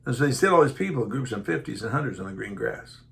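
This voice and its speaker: A man's voice: mid-range voice, fast talker, vocal fry. A man preaching a Bible teaching sermon, reading verses aloud and then retelling them in folksy everyday speech, acting out the disciples' voices. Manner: animated, acts out the disciples' voices.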